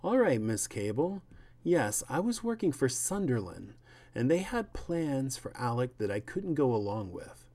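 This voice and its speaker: A man voicing a composed middle-aged male botanist in a comic book reading, speaking calmly and formally. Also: mid-range voice, measured pace, voice pushed up. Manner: calm, formal, courteous.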